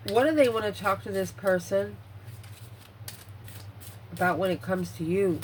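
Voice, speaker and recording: Woman tarot reader, mid pitch, breathless, blunt and profane, faint background noise. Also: unhurried, poor audio. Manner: blunt, swears freely, muses aloud over the cards. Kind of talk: casual tarot reading.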